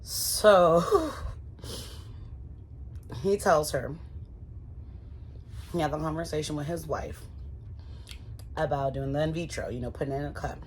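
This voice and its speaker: A woman's voice: low voice, a little slow, long pauses, slight background noise. A woman giving a casual, chatty recap of a reality show, talking straight to her viewers. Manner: chatty, addresses viewers as y'all.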